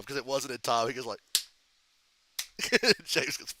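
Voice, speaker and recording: Man reacting live to a race, bright sharp voice, rambling, profane and quick to laugh. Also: sits high, expressive, slight background noise, rough recording. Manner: profane, rambling, laughs often at his own stories. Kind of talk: casual live reaction commentary.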